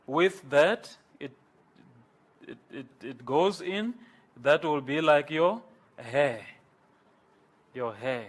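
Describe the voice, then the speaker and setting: A man lecturing a class on Greek, slow and halting, with many pauses and repeated words. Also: on the high side.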